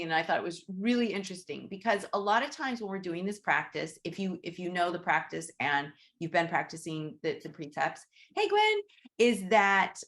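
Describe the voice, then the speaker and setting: A woman's voice: fairly low pitch, a bit bright. A woman hosting a casual group teaching session over a video call, talking conversationally and often checking in with "right?". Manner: conversational, repeats "right?", acts out inner thoughts. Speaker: Reiki teacher, host.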